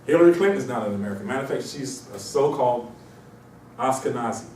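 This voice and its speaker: A man from Mauritania giving an informal, animated lecture to a small audience, repeating himself and slipping into mocking voices. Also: mid-range voice, fast, a little hiss or hum. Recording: echoey room, distant mic.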